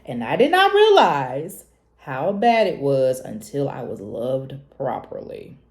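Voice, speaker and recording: A young woman, talking to camera in a casual, preachy, animated way and laughing often. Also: slow pace. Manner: animated, preachy, laughs often, jumps high when quoting herself. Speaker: vlogger. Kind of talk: casual confessional talk to camera.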